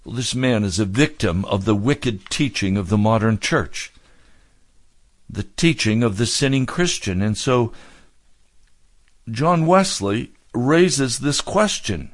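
A man's voice: medium pitch, animated, measured pace, dry recording. A man, a pastor preaching an earnest radio sermon that builds in fervor.

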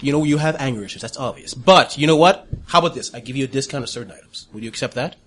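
A man's voice: medium pitch, very fast, a bit bright, a little hiss or hum, lightly acted. A man doing a fawning, shifty merchant. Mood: wheedling. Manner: smooth-talking, overly polite salesman patter. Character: fawning, shifty male merchant who keeps saying sir.

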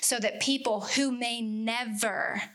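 Woman, bright tense tone, fairly high voice, earnest Bible study teacher, repeats words for emphasis. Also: fairly even intonation, takes it slowly.

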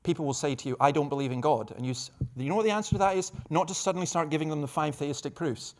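This middle-aged preacher and evangelist races through a conference talk on evangelism in a voice on the high side. He spins lively stories with humorous asides, often repeating words as he restarts phrases.

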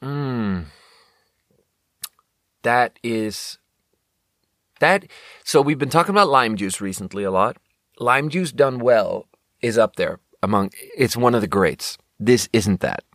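In clean, echo-free studio sound, a young podcast host delivers a casual monologue reviewing sparkling water. His mid-range voice is expressive, a bit bright, and a little slow. He tells rambling, jokey stories and swears freely, talk-show style.

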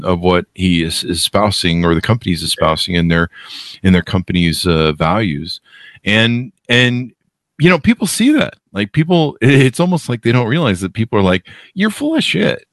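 A deep-voiced middle-aged man hosts a podcast interview in easy, casual conversation. He leans on his points with sudden upward leaps in pitch. The sound is close and dry, with no room around it. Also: normal speed, dry recording. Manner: emphatic, jumps up in pitch to stress points. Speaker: podcast host.

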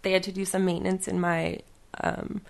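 A woman talking casually as a podcast guest, rambling and halting with many fillers and restarts. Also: fairly low pitch, little pitch movement, gravelly. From western United States. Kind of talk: casual conversation.

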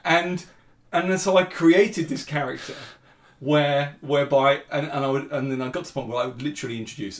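A man's voice: fairly high pitch, steady tone, fairly quick, reverberant. A father telling a funny anecdote casually, with stammered repeats and frequent laughter. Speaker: father, podcast guest.

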